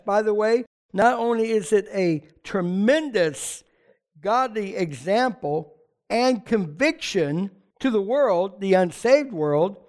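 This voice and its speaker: A man preaching a sermon to his church in a lively, conversational way, with chatty asides. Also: high-pitched. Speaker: pastor.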